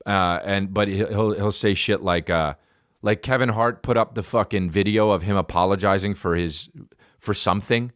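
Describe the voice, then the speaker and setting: A man's voice: on the low side, moderate pace, a bit bright, no room sound, studio quality. A man in his thirties telling a rambling, profane comic story on a podcast, with many restarts. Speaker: comedian. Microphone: studio podcast mic.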